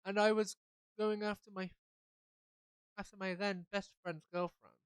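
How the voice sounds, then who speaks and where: Streamer voicing a young guy spilling a college story, smooth and dry, close up. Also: mid-range voice, little pitch movement, measured pace, no room sound, pitched above the performer's own voice, lightly acted. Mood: confiding. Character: young man recounting his college past. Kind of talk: reading game dialogue aloud.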